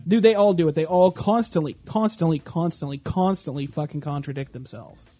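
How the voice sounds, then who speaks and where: Man, high-pitched, profane rambling rant, dry close sound. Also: brisk, mellow, no echo. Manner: crude, swearing, mocking, rambling. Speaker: podcast host.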